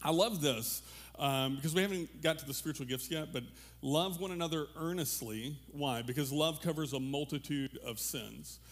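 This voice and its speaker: Male pastor, high-ish voice, loose conversational sermon, lots of fillers and restarts. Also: moderate pace. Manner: casual, animated, joking, many fillers and restarts. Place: church room with a congregation.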